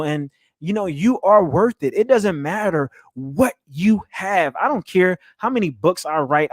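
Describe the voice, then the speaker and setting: In a clean studio recording without echo, a young male podcast host with a voice on the high side gives motivational solo talk. He's earnest and animated, laughing frequently and often restarting and repeating words.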